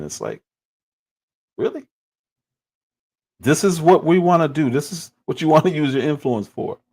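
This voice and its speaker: A man's voice: fairly high pitch, lively intonation, measured pace, pauses often, a little mellow. A man in his forties giving critical, exasperated commentary on clips during a livestream.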